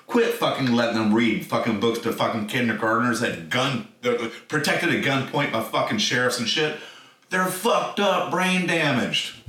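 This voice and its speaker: A man's voice: mid-range voice, a bit bright. A man hosting a podcast, telling a rambling story in a blunt style and swearing constantly. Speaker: podcast host. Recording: echoey room, distant mic.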